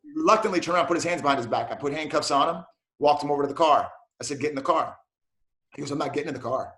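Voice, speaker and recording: A man, a police officer and martial arts black belt, telling animated stories in a casual interview and acting out the dialogue. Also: fairly high pitch, racing, echoey room.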